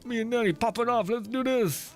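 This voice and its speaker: Speaking fairly quickly in a very high, darkish voice, a man streams a game while chatting casually. He reads chat out loud, swears frequently and is quick to laugh. He wears a face mask as he talks, and faint music can be heard underneath.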